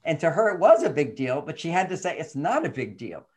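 An older man talks through relationship advice as a podcast guest, his voice sitting a little high for a man. He tells stories with energy and acts out the lines of the people in them. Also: brisk, husky. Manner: animated storytelling, acts out quoted voices. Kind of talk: casual interview chat.

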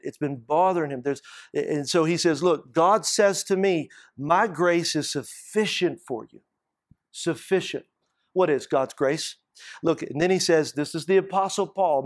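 A man's voice: a little high, no room sound, studio quality. A man preaching a sermon, telling stories and repeating phrases for emphasis. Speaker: pastor.

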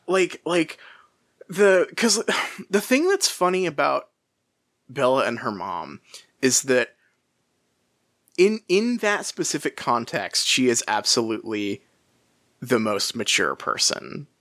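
An animated podcast co-host who swings up and down in pitch while chatting about a book. The speech is full of laughs, fillers and restarts, recorded dry and close with no room sound. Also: slow, pauses often, dry recording. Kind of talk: casual book discussion.

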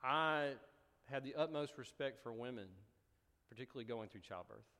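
A male pastor delivering a sermon, telling stories with rising, animated emphasis. His voice sits in a middle range. It carries a long reverb, as if spoken from the front of a large hall. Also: mid-range voice, moderate pace, clean tone.

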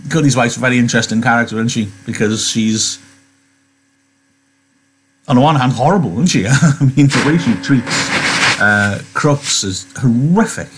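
A man's voice: medium pitch, moderate pace, long pauses, noisy background. A man teaching, reading a novel aloud and chatting about it with rhetorical questions.

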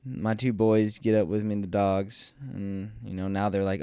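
A man's voice: fairly low pitch, flat delivery, normal speed, hardly any pauses, mellow, clean tone, no room sound, studio quality. A man casually telling a rambling, self-deprecating story about his morning, with some swearing.

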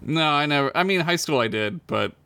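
A man's voice: on the high side, lively intonation, gravelly, bright, forceful tone, clean tone. A man co-hosting a podcast in casual, crude, joking chat. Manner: crude, joking, quick to laugh. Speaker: podcast co-host.

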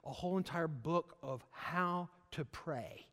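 Animated pastor preaching in a reverberant hall. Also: male voice, fairly high pitch, measured pace. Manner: animated, emphatic with repetitions and jokes. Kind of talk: sermon. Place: church service.

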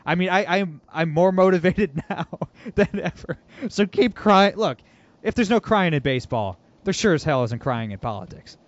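Animated, mocking male podcast host. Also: fairly high pitch, moderate pace. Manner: animated, mocking, laughs often. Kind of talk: casual political podcast chat. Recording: dull lo-fi audio.

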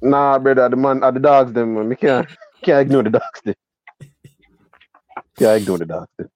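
A man's voice: medium pitch, normal speed, darkish tone. A man chiming into a casual football podcast chat with short, drawling remarks.

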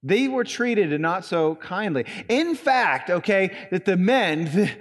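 With a Southern Indiana accent and a voice high for a man, a pastor preaches an emphatic sermon, leaning on single words. He is animated and speaks slowly, and the church sanctuary trails a long reverb behind him.

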